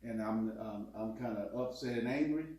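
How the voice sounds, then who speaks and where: A man in casual chat with his partner, telling animated stories and acting out quotes with laughs. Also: fairly low pitch, moderate pace. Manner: animated, laughing storyteller who acts out quotes. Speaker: co-host. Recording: echoey room, distant mic.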